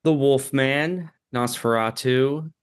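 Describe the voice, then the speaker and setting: A man's voice: mid-range voice, slow pace, clear, resonant tone. A man from Orlando, a guest on a podcast, talking politely with hesitations and fillers. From Orlando, Florida. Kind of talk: casual chat.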